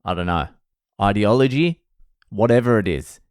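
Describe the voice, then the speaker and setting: A man's voice: on the low side, expressive, moderate pace, no echo, clean studio sound. An Australian man hosting a solo podcast, rambling and self-mocking, with heavy swearing in casual talk. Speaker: podcast host.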